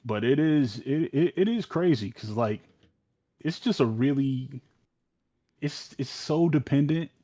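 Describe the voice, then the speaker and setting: A man's voice: medium pitch, lively intonation, unhurried, mellow. A young man co-hosting a podcast, talking casually with many likes and ums. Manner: rambling, lots of like and um. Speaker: podcast co-host.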